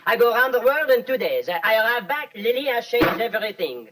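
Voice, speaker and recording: A man's voice: very high voice, sing-song, quick pace, fairly bright tone, exaggerated voice. An actor playing a man who poses as a rich businessman, stalling with playful, evasive answers in 1950s film acting. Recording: distant old film soundtrack with music.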